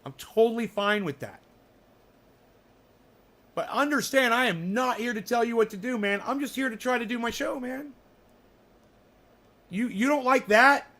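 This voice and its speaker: A man's voice: very high-pitched, moderate pace, long pauses, pushed and bright. A man hosting his own show, talking casually in a rambling, blunt and profane way. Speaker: host of a cannabis show. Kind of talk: casual chat.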